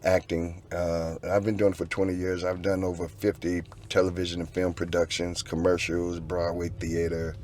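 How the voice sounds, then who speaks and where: A middle-aged man from Florida, a guest telling his story in a relaxed, talkative way inside a car. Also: low-pitched, normal speed, hardly any pauses. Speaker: guest, actor and former football player. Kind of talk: casual interview.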